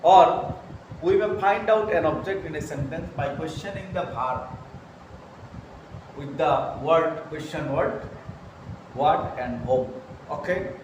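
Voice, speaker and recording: A man explaining grammar at a slow, deliberate pace, repeating each point and checking in with "okay". His voice sits a little high for a man. It is heard from a distance in a very echoey room with clear background noise. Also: darkish tone, dull audio. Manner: slow, repeats phrases, says "okay" often. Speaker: English teacher. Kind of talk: slow grammar lesson at a whiteboard. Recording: very echoey room, mic far off, noisy.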